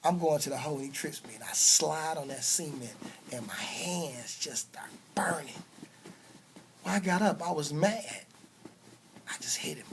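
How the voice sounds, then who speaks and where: A man telling a personal story, dropping to hushed whispers and then bursting out loud with punch sounds. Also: a little high, moderate pace, a little hiss or hum.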